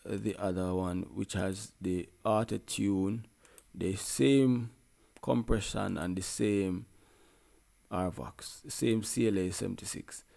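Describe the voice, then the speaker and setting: Jamaican guy explaining his mix, low gravelly voice, laid-back, keeps saying you know what i mean. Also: fairly even intonation, slow pace, dark tone. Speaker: music producer. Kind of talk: casual tutorial walkthrough.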